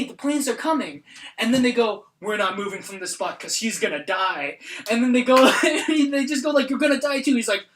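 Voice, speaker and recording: A young man with a high voice chats casually as a podcast host, retelling scenes animatedly and stacking up fillers. The room around him rings with echo. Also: fairly bright tone. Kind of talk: casual chat. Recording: roomy echo.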